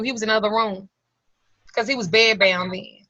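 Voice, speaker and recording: Earnest woman telling a personal story, bright voice. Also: mid-range voice, steady tone, normal speed, dry recording. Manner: candid, colloquial, earnest storytelling. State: close to tears. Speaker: occult class teacher. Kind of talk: emotional personal testimony. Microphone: video call. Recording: slightly lo-fi video call audio.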